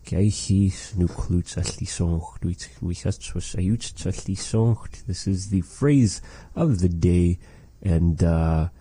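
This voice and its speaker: A man teaching a language lesson, saying phrases slowly and carefully and repeating them for learners. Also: low voice, warm tone, breathy edge, dry recording.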